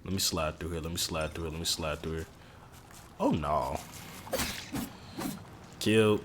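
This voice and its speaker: A young man casually commenting while he streams a video game, talking to his chat in animated slang from home. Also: extremely low pitch, unhurried, noisy background. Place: indoors at home. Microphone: headphones on, streaming setup.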